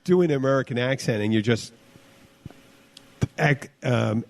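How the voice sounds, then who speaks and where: A man hosting a casual podcast, talking in a rambling, halting way with many fillers and restarts, and swearing freely. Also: mid-range voice. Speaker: podcast host, bartender.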